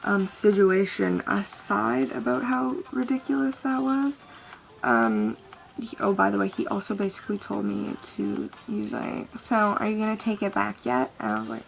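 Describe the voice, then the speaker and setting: A woman's voice: medium pitch, big pitch swings, normal speed, vocal fry. A young woman venting in a rambling, profane monologue full of restarts. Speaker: vlogger.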